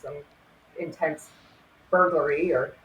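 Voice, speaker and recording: This former crime scene investigator, a woman in her forties, shares stories in an earnest interview and laughs readily. She speaks slowly in a low, steady voice. The audio sounds muffled, with a roomy echo, faint background ambience, and a bit of hiss or hum.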